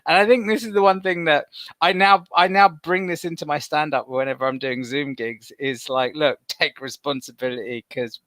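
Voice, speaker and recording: Bright-voiced comedian on a video call. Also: male voice, fairly high pitch, normal speed, no echo. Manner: animated storyteller, playful swearing. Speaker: comedian guest. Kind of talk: casual panel chat.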